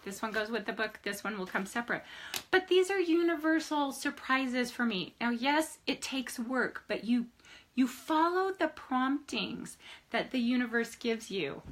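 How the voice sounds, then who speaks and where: Bright, enthusiastic older woman coach. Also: on the high side. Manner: enthusiastic and animated, often laughing. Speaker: life coach. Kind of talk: motivational vlog talk.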